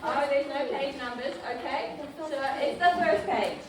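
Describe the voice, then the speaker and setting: A woman's voice: sits high, unhurried. A woman teaching a classroom lesson, patiently prompting pupils by name. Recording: echoey classroom from far off, noisy.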